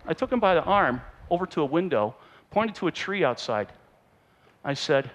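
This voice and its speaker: A man giving an animated storytelling talk to an audience, playful and teasing as he speaks. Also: a little high, fast talker.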